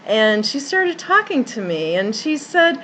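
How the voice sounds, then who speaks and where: A woman's voice: high-pitched, sing-song, unhurried, a bit bright, slight background noise, low-quality recording. A woman who works as a life coach, telling a personal story in an earnest way, with many restarts and repeated words. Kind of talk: personal story told to camera.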